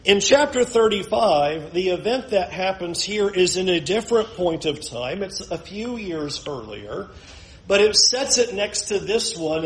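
Guy pastor preaching, kinda high voice, goes quiet then punchy. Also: poor audio. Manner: conversational preaching, swings from hushed to emphatic. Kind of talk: sermon.

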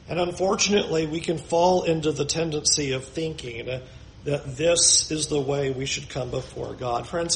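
A man's voice: on the high side, gravelly, slight background noise. A man preaching a sermon as pastor, emphatic, often acting out the voices of the people he quotes. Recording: roomy echo.

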